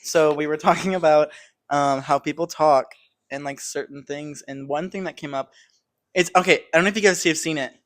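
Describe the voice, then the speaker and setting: A woman's voice: sits low, steady tone, normal speed. A teenage girl co-hosting a podcast with friends. She rambles through her points with lots of "like" and side tangents. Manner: rambling, full of likes and tangents. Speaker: podcast co-host. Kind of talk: casual chat.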